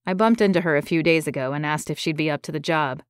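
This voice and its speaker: A woman's voice: deep voice, fast talker, smooth, dry recording, clean studio sound, pitched below the performer's own voice, close to an everyday voice. A woman voicing a wry laid-back man. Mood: easygoing. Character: laid-back adult male lawyer, wry.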